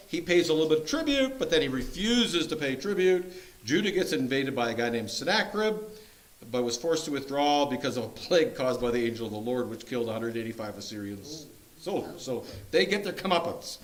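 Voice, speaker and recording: A man leading a church Bible study group, teaching casually with jokes and playful sound effects. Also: a little high.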